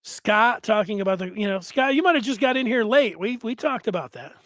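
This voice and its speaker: A man's voice: high-pitched, animated, fairly quick, a bit bright, no echo. A man hosting a casual sports talk show, reading viewer comments aloud and rambling with frequent restarts.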